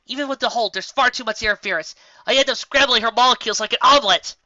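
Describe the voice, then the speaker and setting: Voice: mid-range voice, slow, sharp tone, no room sound, lo-fi sound, voice pushed up. A fan fiction reader voicing a young female unicorn mage who talks breathless and worried.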